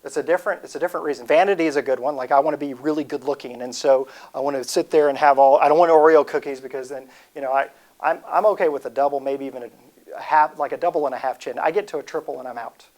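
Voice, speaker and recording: A man's voice: fairly high pitch, quick pace, a little mellow. Rambling man in his forties. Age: 40s. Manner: rambling, self-interrupting storytelling. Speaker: speaker. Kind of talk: humorous motivational talk.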